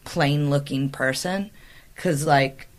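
Low-voiced chatty Midwestern American woman. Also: slow. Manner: chatty and rambling. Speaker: podcast host. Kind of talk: casual conversation.

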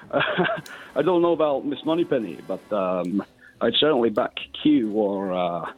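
A man's voice: mid-range voice, lively intonation, slow pace, slightly rough, highs cut off, faint music behind. A man calling in to a sports radio show who talks hesitantly and modestly, with lots of ums. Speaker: caller. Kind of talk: phone-in chat.

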